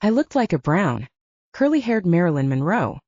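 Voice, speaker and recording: A woman's voice: lowish voice, big pitch swings, moderate pace, darkish tone, no echo, highs cut off. A woman narrator voicing a blunt, bubbly, teasing young woman as the best friend in an audiobook. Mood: playful.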